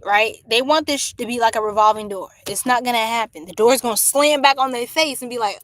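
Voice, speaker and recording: A woman giving a casual live-stream astrology reading, chatty and exclamatory, with drawn-out fillers. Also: on the high side, fairly bright tone, dry recording. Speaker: astrology tarot reader. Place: home room by a window.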